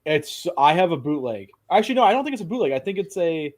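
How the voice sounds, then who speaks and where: A man's voice: a little high, very animated, quick pace. Enthusiastic man in casual chat. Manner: enthusiastic, rambling, swears casually.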